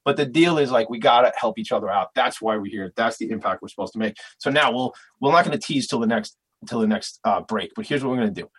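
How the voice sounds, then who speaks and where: A man's voice: mid-range voice, fast, fairly bright tone, husky, no echo. A man from Long Island hosting an interview show, thinking aloud and getting impassioned. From Long Island, New York. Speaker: show host. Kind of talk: casual interview.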